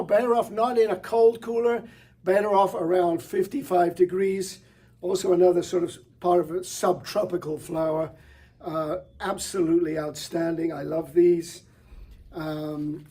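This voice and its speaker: Man, middle-aged, florist demo, enthusiastic, higher pitch, husky. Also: dark tone. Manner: enthusiastic, chatty, with fillers and restarts. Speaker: florist presenter. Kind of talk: product showcase demonstration.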